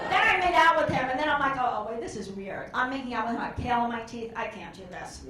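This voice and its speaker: A woman comedian works a club crowd with a high, bright voice. She rambles brashly through stories and slips into quoted voices. The sound bounces around a roomy club, with faint hum underneath. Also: expressive, rapid-fire. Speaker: stand-up comedian. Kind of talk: stand-up comedy set. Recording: echoey club room.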